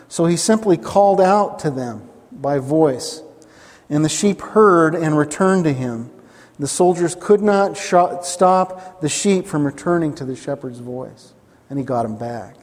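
A man's voice: fairly high pitch, a little mellow. Emphatic pastor man in a reverberant hall. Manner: emphatic, repeats lines, asks the congregation questions. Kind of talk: sermon.

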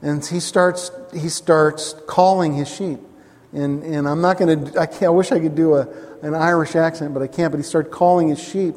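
A man's voice: on the high side, steady tone, moderate pace, darkish tone, in a large hall. A man preaching a sermon as pastor, emphatic, repeating his lines and asking the congregation questions.

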